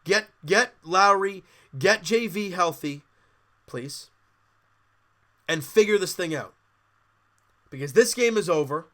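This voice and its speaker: A man's voice: sits high, expressive, slow, pauses often, pushed and bright. A man hosting a sports podcast, candidly and exasperatedly breaking down a live basketball game like a fan. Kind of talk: casual live game commentary.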